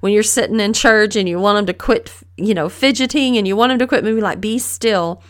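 A woman's voice: medium pitch, fast talker. A middle-aged woman hosting a podcast, giving a casual, earnest Bible lesson and asking the listener questions. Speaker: podcast host teaching the Bible. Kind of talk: casual devotional teaching.

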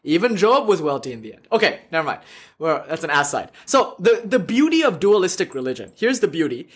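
Male lecturer, slightly high voice, lively, laughs and self-corrects while teaching a class. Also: fairly quick, breathy edge. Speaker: lecturer on religion.

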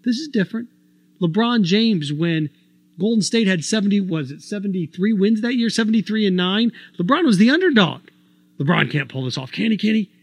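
A man's voice: sits high, a little fast, no echo. A man hosting a sports talk show, delivering an opinionated monologue full of rhetorical questions. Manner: argumentative, rhetorical questions, animated.

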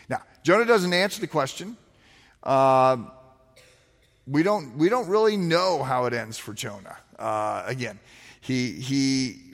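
A man preaching a sermon in a relaxed, conversational way, animating the story with asides to his listeners. His voice sits a bit high for a man. It rings out with the long reverb of a big hall. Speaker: pastor.

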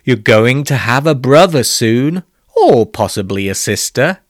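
A man's voice: medium pitch, very animated, unhurried, no room sound, studio quality. A man voicing an enthusiastic father in a rhyming storybook. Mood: enthusing. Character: enthusiastic young father announcing news.

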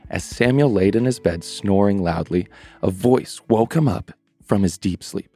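Gentle low-voiced bedtime storyteller man. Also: measured pace, no echo, clean studio sound, soft background music. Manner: gentle, addresses children with questions.

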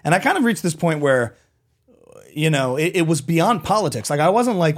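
Animated man rambling in casual chat. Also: fairly high pitch, normal speed. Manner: animated, rambling with many restarts. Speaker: comedian guest.

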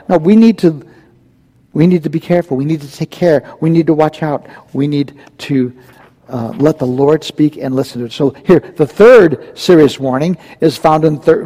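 Preaching verse by verse, a male pastor speaks in a conversational yet emphatic way and often puts questions to the congregation. His voice is fairly high and warm, with long reverb from a large hall.

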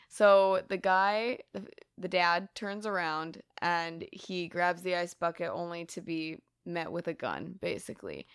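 A woman's voice: lowish voice, a little slow, smooth, no echo, studio quality. A woman co-hosting a podcast, casually recapping a film with lots of laughter and swearing. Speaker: podcast co-host.

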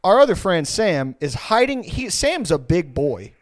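A man hosting a podcast who tells a story in a casual, rambling, profane and animated way. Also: sits high, unhurried, no echo, studio quality.

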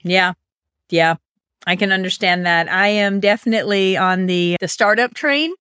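A woman's voice: medium pitch, normal speed, smooth, no echo, studio quality. Chatty woman podcast host. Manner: laughing, chatty, animated storytelling. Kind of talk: casual podcast chat. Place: home, on Pacific time.

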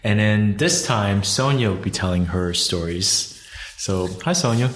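A woman hosting a casual podcast, breaking in with short remarks and quick questions. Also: rumbling low, expressive. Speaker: podcast host. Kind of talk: casual chat. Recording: very echoey room.

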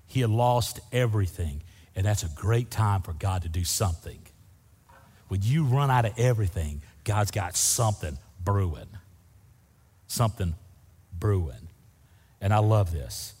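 A man preaching a sermon as pastor, folksy and humorous, saying "y'all" to his congregation. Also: lowish voice. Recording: long hall reverb.

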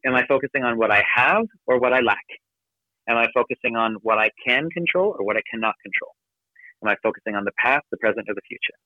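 A man giving an energetic, emphatic motivational talk from his office as a podcast guest. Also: medium pitch, dry recording. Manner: energetic, emphatic, rapid coaching delivery. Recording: dry, phone-like narrow sound.

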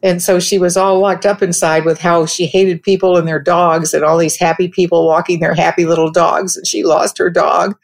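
A woman with a lowish, gravelly voice recounts a personal story in a conversational way. She sounds reflective and halting and often starts her sentences over. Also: little pitch movement. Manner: reflective, halting, with frequent restarts. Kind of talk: personal anecdote told conversationally.

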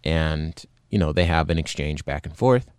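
A man's voice: a bass voice, lively intonation, normal speed, smooth, dry recording, studio quality. A man hosting a show, recounting a video in earnest, indignant commentary with many fillers and restarts. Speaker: podcast host.

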